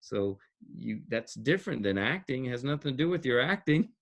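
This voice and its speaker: A man's voice: mid-range voice, big pitch swings, brisk, a bit bright. A man who coaches actors and directs, explaining his teaching in an interview with emphasis, repeating key words and laughing between points.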